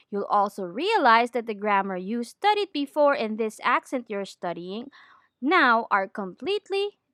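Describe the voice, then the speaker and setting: A woman giving a scripted lesson on training, in a clear, deliberate teaching manner. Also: fairly high pitch, pushed and bright, dry recording, clean studio sound. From Philippines. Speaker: accent trainer.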